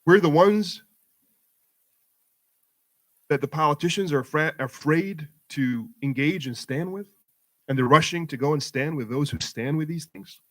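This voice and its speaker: A man's voice: fairly high pitch, unhurried, pauses often, a bit bright. A middle-aged man giving an impassioned talk to a community audience at a mosque event, building his points through emphatic rhetorical repetition. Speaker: guest speaker at community program.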